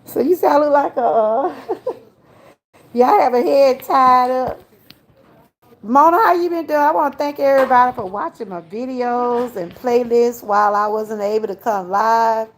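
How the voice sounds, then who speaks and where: A woman's voice: fairly high pitch, normal speed. An older woman, hosting a casual livestream, chatty and laughing often as she talks straight to her viewers. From Georgia, US. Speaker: livestream host.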